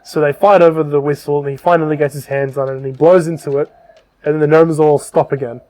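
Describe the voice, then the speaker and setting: Fast and steady in tone, a podcast co-host with a voice on the high side and a dark timbre loosely walks through the plot of a book. The casual talk wanders, packed with ums and cursing.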